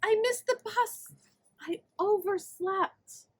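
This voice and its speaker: A woman voicing a tearful little storybook pig, whiny and high-pitched. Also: slow pace. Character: weepy little pig, late for school.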